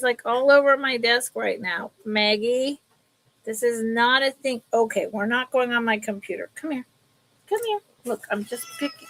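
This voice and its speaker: Slow-talking chatty woman selling jewelry. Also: on the high side, a bit bright, poor audio. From California. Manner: chatty, rambling, talks to her cat and viewers. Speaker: live sale host selling vintage jewelry. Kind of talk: casual live-stream sales chat.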